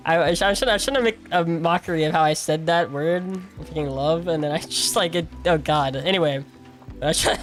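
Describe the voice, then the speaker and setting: A man's voice: on the high side, brisk, a bit bright, soft background music. A tired man in his twenties streaming, chatting casually in a rambling, self-mocking way and laughing often. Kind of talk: casual livestream chat while gaming.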